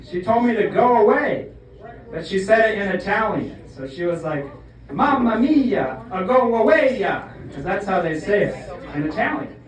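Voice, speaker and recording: A man telling a comic story with mock earnestness, often tagging lines with "okay?". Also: sits high. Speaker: comedian. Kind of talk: comedic storytelling monologue. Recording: echoey room, far from the mic.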